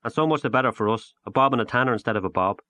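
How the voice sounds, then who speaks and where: A man's voice: mid-range voice, very fast, bright, forceful tone, dry recording, lightly acted. A man doing a brash, slangy schoolboy. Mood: cocky. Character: cheeky slangy schoolboy truant.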